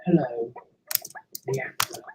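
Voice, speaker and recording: A woman voicing a grim, calm male ghost engine who speaks slowly in a low, solemn tone. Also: a little hiss or hum, lightly acted, poor audio.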